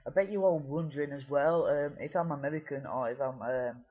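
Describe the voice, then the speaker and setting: British man, husky, rambling gameplay commentary, dull lo-fi home mic. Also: a little high, brisk. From United Kingdom. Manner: rambling, with many fillers and restarts. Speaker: gaming video creator.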